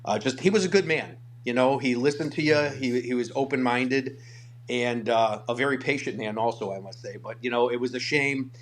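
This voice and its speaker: Older male interview guest, lively storyteller, restarts and repeats, plain conversational voice. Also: medium pitch, normal speed. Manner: animated storyteller, acts out quotes, repeats words. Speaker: martial arts guest.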